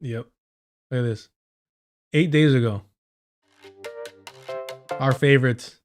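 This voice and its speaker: A man's voice: medium pitch, takes it slowly, soft background music. A man reacting to clips on a live stream in a sarcastic, profane, ranting way, from an indoor room. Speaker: political streamer.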